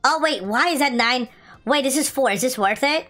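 Young woman narrating a game, fast swings up and down, bit high, soft music behind. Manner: excitable, pleading, complains then shouts with joy. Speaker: gaming video host. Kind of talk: casual gameplay commentary. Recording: light music in the background.

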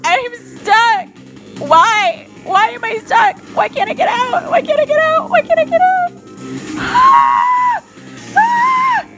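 Panicky high-voiced woman gaming. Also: unhurried, over loud music. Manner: panicky, talks to herself. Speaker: gamer playing live. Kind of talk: let's play commentary.

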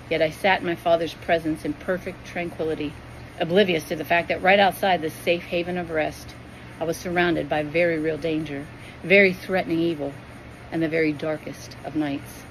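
A woman's voice: low-pitched, slight background noise, rough recording. A woman reading her own spiritual vision as a Christian storyteller in earnest, devout, emotional narration.

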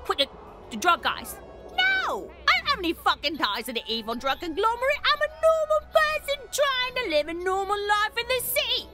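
A woman's voice: very high voice, very animated, normal speed. A woman voicing a rude, foul-mouthed alien local in a video game, talking in snappy, profane bursts. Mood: irritated. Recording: game audio with music behind.

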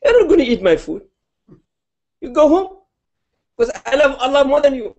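A male preacher voicing a devout, generous old prophet in a retold story, pitched up and pleading. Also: big pitch swings, moderate pace, a little mellow, dull audio, full character voice. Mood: earnest.

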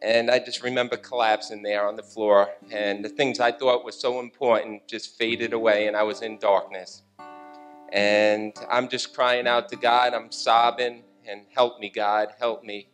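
A man's voice: medium pitch, little pitch movement, a little slow, fairly bright tone, soft background music. A middle-aged man giving an earnest personal testimony on a church stage.

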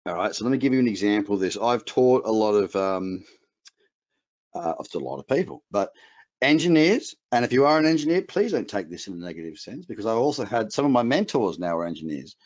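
A man's voice: on the low side, lively intonation, fairly quick, darkish tone. A middle-aged man with an Australian accent carrying a trace of English, giving an emphatic, motivational webinar talk as a trading coach with chatty asides. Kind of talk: webinar presentation. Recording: muffled lo-fi webinar audio.

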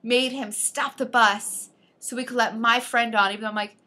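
Bright, lively woman telling a story. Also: a little high, normal speed. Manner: animated, acts out quotes with shifting voice. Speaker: podcast co-host. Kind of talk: casual storytelling chat.

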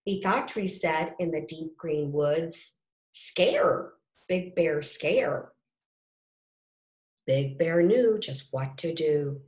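A woman reading a rhyming picture book aloud to children, with gentle asides to her listeners. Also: sits low, slow, few pauses. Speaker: storybook reader. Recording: roomy echo.

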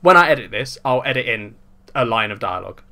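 A young man co-hosting a podcast, easygoing and calmly arguing back in casual chat. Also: medium pitch, quick pace. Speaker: podcast co-host.

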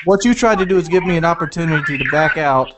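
A man's voice: a little high, fast, very noisy. A man speaking as a guest on a live show, defiant and lecturing in a heated argument. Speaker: guest in a dispute.

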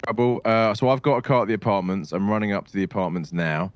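A man's voice: lowish voice, quick pace, no echo. A man, bantering and arguing playfully with a fellow player in a roleplay game. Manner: argumentative, animated, teasing. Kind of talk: casual gaming banter.

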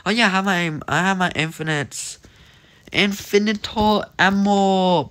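With a high voice, a slow pace, and long pauses, a young gaming commentator chats to himself as he plays. His commentary is casual, animated, and full of jokes.

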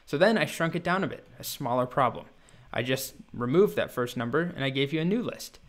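A man's voice: medium pitch, animated, fairly quick, lightly acted. A man voicing an earnest, clever young village boy who explains his reasoning eagerly, step by step. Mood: explaining.

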